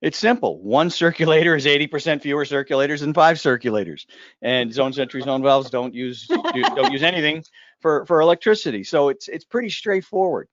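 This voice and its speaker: A man's voice: fairly high pitch, a little fast, fairly bright tone, no room sound, muffled recording. A man hosting a casual live discussion, talking in a joking, rambling way full of asides and restarts. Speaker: host.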